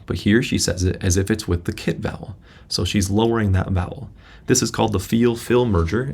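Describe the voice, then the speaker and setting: A man teaching a software tutorial in a casual, halting way with many restarts, recorded on a laptop's built-in microphone. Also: lowish voice, creaky, husky. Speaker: instructor. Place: indoor room at a laptop.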